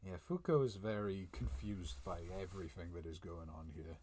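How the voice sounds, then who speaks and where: Man, very low voice, loose chatty reviewer who laughs a lot, home mic. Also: measured pace, pauses often, mellow, slight background noise. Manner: chatty, chuckles often, reads dialogue aloud. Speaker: manga reviewer. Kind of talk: casual live reaction. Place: room at home. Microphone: desk mic.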